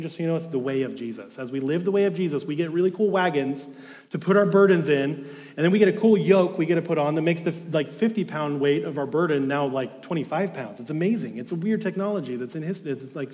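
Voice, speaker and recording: A man with a fairly high voice preaches a sermon. He talks like a relaxed, eager pastor telling a story to his congregation. His voice rings with long reverb from a large hall. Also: quick pace. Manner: casual, enthusiastic storytelling preacher.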